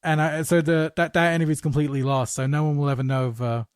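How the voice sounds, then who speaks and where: A podcast host tells stories in a casual, animated way and swears freely. His voice sits a bit above the usual pitch for a man. The sound is close and dry, with no room echo. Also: clear, resonant tone. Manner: animated anecdote teller, swearing, quick asides. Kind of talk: casual podcast chat, storytelling.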